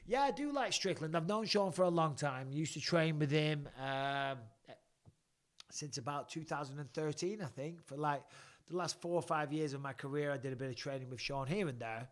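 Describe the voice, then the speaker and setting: A man's voice: fairly high pitch, normal speed. A man hosting a live-stream Q and A, reading out viewers' questions and answering them in a candid, chatty way. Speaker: podcast host.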